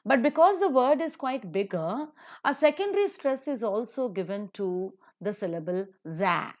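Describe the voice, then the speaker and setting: A woman, teaching word stress in a careful recorded lecture, saying example words with loud stress. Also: on the high side, sing-song, normal speed. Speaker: English teacher.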